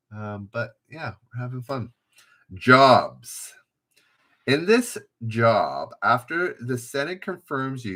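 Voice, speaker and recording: Casual man hosting a live trivia stream; bright voice, rambling, talks to his viewers. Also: fairly low pitch. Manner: rambling, thinks aloud, chatty with viewers. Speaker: trivia livestream host. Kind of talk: casual livestream chat.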